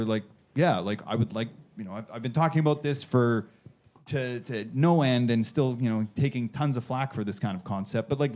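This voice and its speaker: A man's voice: mid-range voice, a little mellow. A man moderating a panel discussion in a casual, rambling way, restarting his sentences often and slipping in dry sarcasm. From Canada. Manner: rambling, self-correcting, jokey sarcasm. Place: conference room panel. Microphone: handheld mic.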